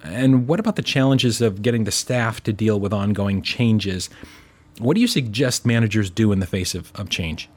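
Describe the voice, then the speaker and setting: A man hosting a business podcast, reading a scripted intro and asking interview questions in a measured way. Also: fairly low pitch. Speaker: podcast host.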